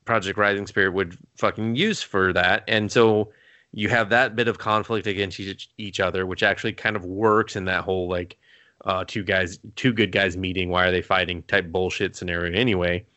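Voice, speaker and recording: Man, bright voice, fairly low pitch, dry close sound, loose profane casual chat. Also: flat delivery, no echo. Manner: loose, profane, quick asides. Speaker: podcast co-host.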